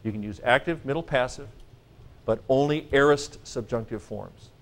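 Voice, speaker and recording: A man teaching a Greek grammar class, lecturing in a lively, joking way and stressing his points. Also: mid-range voice, normal speed. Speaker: Greek professor.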